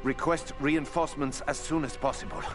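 A man's voice: on the high side, fairly even intonation, brisk, natural voice. A man doing a stiff German-accented soldier on the radio. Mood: stiff report. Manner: formal, military report delivery. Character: male enemy soldier reading a radio report. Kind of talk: game radio message. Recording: game audio with loud music.

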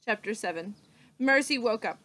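A woman teacher reading a children's book aloud, slow and expressive with dramatic pauses. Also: fairly high pitch, no echo.

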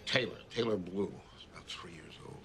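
A man playing a police captain in a family film, briefing his officers in a brisk, matter-of-fact way. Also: low voice, a bit bright, slight background noise. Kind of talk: film dialogue.

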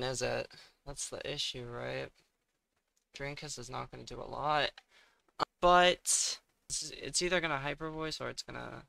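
Slow, gravelly young man muttering over a match. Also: mid-range voice, bright, forceful tone. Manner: thinks aloud, mutters, exasperated outbursts. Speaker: gaming streamer. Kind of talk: casual gameplay commentary.

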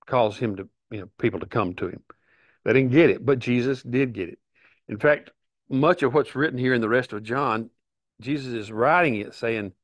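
A man's voice: medium pitch, expressive, no room sound. Earnest man teaching the Bible, dry sound. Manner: earnest, emphatic, reads scripture aloud with pauses. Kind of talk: informal Bible study teaching.

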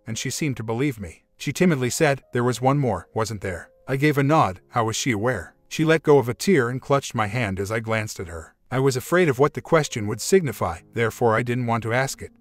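A man narrating a first-person relationship drama story in a steady, even reading. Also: medium pitch, fairly quick, few pauses.

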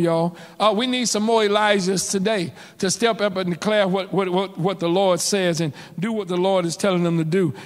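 High-voiced preacher in a reverberant church. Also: male voice. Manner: call-and-response preaching, rising and dropping in waves. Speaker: pastor. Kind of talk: sermon. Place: church sanctuary.

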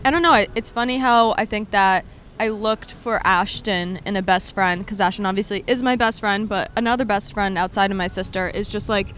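A young woman in her twenties hosting a podcast in casual chat, talking quickly and filling her sentences with "like". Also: medium pitch, a bit bright, a little hiss or hum. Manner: quick, chatty, heavy use of "like". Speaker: podcast host.

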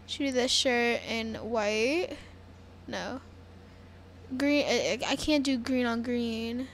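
A young woman chatting excitedly to her viewers while playing a dress-up game, with faint background noise. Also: on the high side, slow. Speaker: gaming youtuber. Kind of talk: casual gameplay commentary.

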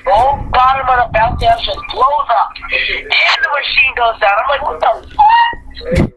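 A man's voice: very high voice, moderate pace, lo-fi sound, loud music behind the voice. A young man telling a crude, profane roast of a friend, with exaggerated stories and acted-out quotes. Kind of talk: casual roast storytelling.

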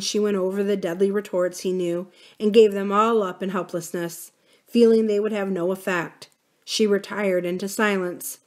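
A woman hosting a library reading series, reading a novel aloud in a steady, measured way. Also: medium pitch. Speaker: library book-reading host.

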